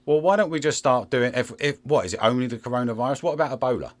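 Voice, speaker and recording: A man in a casual interview chat, talking in a sarcastic, animated way and slipping into mocking voices. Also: mid-range voice, fast talker.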